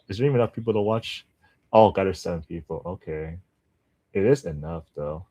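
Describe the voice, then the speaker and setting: A man's voice: low-pitched, fairly even intonation, moderate pace, pauses often, warm tone, breathy edge. A man livestreaming his language study, chatting casually with viewers, rambling and laughing often. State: just woke up.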